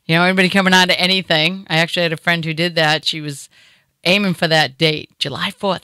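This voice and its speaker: A woman's voice: fairly low pitch, fairly even intonation, quick pace, pushed and bright, clean tone, dry recording. A middle-aged woman with a Boston accent hosting a comedy talk show in a studio, chatty and joking, rambling with fillers. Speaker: radio show host. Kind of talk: casual comedic chat.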